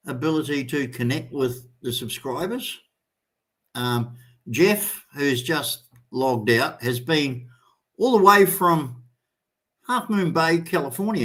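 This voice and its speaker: A man's voice: fairly high pitch, fairly bright tone. An Australian man in his sixties hosting a live stream in casual chat. He rambles, swears freely and fills with lots of ums. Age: 60s. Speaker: livestream host.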